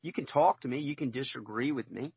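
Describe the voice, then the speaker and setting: Emphatic husky man, podcast guest. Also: medium pitch, a little fast, dry recording, lo-fi sound. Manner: emphatic, repeats himself, acts out quoted exchanges. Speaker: NBA scout and former referee. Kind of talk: podcast interview.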